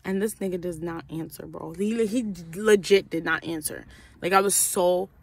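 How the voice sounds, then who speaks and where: A young woman venting in a casual storytime vlog, profane and animated, acting out the voices of the people in her story. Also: fairly low pitch, normal speed, vocal fry, breathy edge. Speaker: vlogger.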